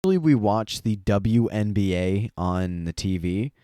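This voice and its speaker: A man's voice: fairly low pitch, lively intonation, unhurried, warm tone, clean tone, no room sound, studio quality. A young man co-hosting a podcast, chatting casually and rambling with lots of fillers. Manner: rambling, frequent fillers and laughs. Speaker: podcast co-host. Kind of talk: casual chat.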